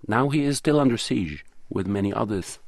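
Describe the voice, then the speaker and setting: A man's voice: on the low side, animated, normal speed, vocal fry, no room sound. A man being interviewed as a documentary producer, answering in an earnest, thoughtful way and often searching for his words. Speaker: documentary film producer and cinematographer.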